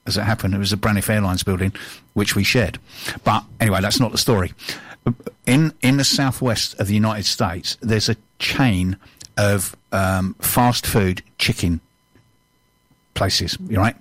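Brief: older English host, low voice, dry close sound, rambling anecdotes. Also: male voice, a little slow, a bit bright, dry recording. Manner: rambling storyteller with repeated restarts. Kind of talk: casual chat.

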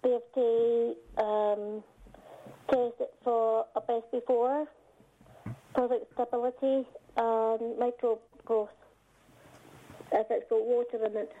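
A woman's voice: on the high side, flat delivery, takes it slowly, pauses often. A woman from Scotland calling in about her small business, answering in a plain, matter-of-fact way. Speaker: caller, small business owner. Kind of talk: phone-in interview. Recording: tinny phone line.

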